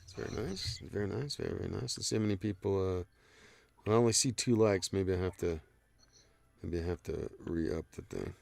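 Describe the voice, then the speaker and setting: A man chats loosely as he hosts a livestream, rambling and swearing as he reads the chat. His voice sits low with a gravelly fry. The sound is dry and close. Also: brisk, a little mellow, dry recording. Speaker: livestream host.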